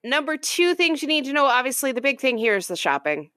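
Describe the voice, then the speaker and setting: An upbeat woman talking in a relaxed, casual chat as a podcast co-host, laughing easily between points. Her voice is dry and close, with no room around it. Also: high voice, fast, no room sound. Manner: enthusiastic, laughs often.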